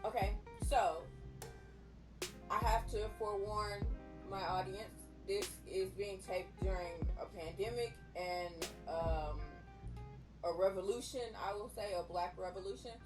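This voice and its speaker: A woman's voice: mid-range voice, measured pace, recorded from a distance, music in the background, rough recording. A woman hosting a podcast interview, talking frankly and casually, laughing often and swearing freely. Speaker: podcast host.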